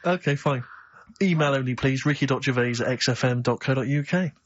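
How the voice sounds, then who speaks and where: A man's voice: mid-range voice, a little fast. A man co-hosting a radio show, teasing his colleague with sarcastic mock scolding. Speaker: radio co-host. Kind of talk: casual radio banter. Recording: lo-fi radio studio recording.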